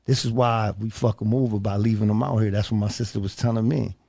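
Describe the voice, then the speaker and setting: A man's voice: lowish voice, fairly even intonation, fast talker, vocal fry, mellow. A man hosting a talk show, telling stories in a casual, emphatic way and calling his listeners "bro" often. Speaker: podcast host. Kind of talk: casual storytelling.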